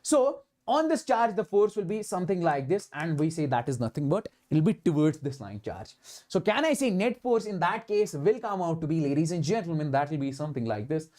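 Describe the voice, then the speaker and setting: A man's voice: on the high side, expressive, fairly quick, a little mellow. Emphatic Indian male physics teacher. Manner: repetitive, emphatic, mixes Hindi into English. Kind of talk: online exam-prep lecture.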